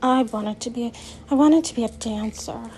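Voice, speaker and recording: A woman's voice: fairly high pitch, normal speed, darkish tone, a little hiss or hum, lightly acted, rough recording. A woman reading aloud, voicing a teenage girl who has just lost her sight, earnest and wistful. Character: grieving teen girl, newly blind.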